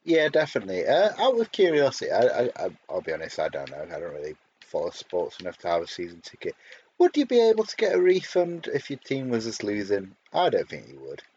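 Hesitant low husky male co-host. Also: huge pitch swings, fast talker, darkish tone, highs cut off. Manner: hesitant, many restarts and fillers. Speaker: podcast co-host. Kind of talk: casual episode review chat.

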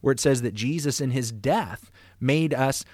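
An American man co-hosting a podcast, explaining Bible passages in an earnest, conversational way that grows animated when he makes a point. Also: mid-range voice, unhurried, no room sound, clean studio sound. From United States. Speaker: podcast co-host, Bible teacher.

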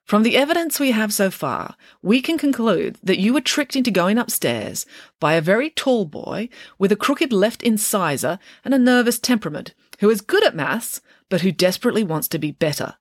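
Clever girl detective, brisk and dry, lively rises and falls, as a woman reads her. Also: medium pitch, no room sound, pitched above the performer's own voice. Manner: brisk, deductive. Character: matter-of-fact schoolgirl detective, clever and dry.

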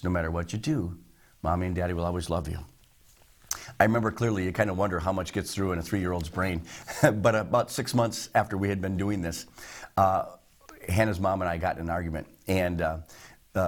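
A middle-aged man preaching a sermon, earnest and emphatic, telling personal stories with slow, stressed phrases. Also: sits low. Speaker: pastor.

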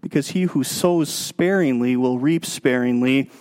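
A man preaching a sermon as pastor, emphatic, moving between raised passages and quiet, drawn-out stretches. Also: medium pitch. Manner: emphatic, swinging between raised and hushed delivery.

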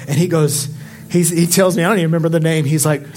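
A man preaching a sermon, swinging from impassioned exhortation to quiet, confiding storytelling. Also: on the high side, lively intonation, quick pace, soft background music. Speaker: pastor.

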